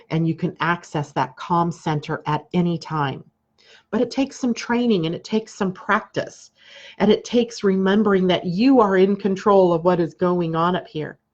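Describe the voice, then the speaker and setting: A woman astrologer hosting a live stream, talking calmly and repetitively, often checking in with "right?". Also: lowish voice, muffled recording. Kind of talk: live-streamed spiritual talk.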